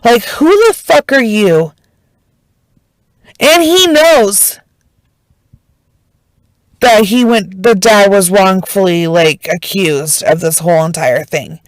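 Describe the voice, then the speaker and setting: Slow, heated woman telling true crime. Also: mid-range voice, lively intonation, no echo, rough recording. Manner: emotional, swears freely, emphatic. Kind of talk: casual true crime storytime.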